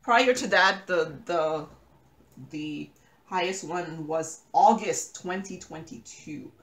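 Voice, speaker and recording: A woman's voice: on the low side, takes it slowly. Rambling woman chatting in a roomy room. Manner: rambling, self-correcting, laughs often. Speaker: crafting YouTuber. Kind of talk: casual chat while diamond painting. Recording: roomy echo.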